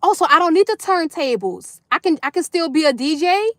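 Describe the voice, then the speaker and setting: A woman's voice: very high voice, very animated, fairly quick, no room sound, clean studio sound. A woman hosting a casual livestream, emotionally thanking her viewers by name and tearing up with joy. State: tearful. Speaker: livestream host.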